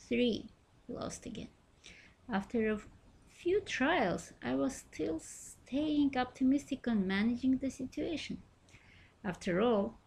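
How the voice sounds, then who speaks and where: A woman's voice: medium pitch, gravelly, a little mellow. A woman reading her own first-person memoir aloud, telling it in a wry, self-mocking way.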